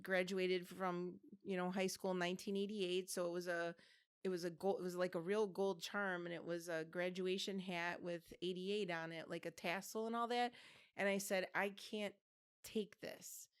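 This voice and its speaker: A woman's voice: lowish voice, little pitch movement, moderate pace, smooth. Rambling storytelling woman in her fifties. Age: 50s. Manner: rambling anecdote with many restarts and fillers. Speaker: podcast co-host. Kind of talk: casual chat, storytelling.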